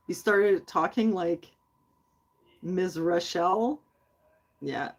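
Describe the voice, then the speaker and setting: A woman's voice: lowish voice, slow pace, gravelly, long pauses. A woman hosting a casual livestream, chatty and rambling as she answers her viewers. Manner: chatty and rambling, many fillers. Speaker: host.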